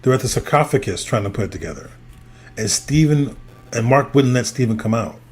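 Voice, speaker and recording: A man co-hosting a casual show recap, excitable and prone to loud exclamations. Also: medium pitch, fairly quick, faint music behind.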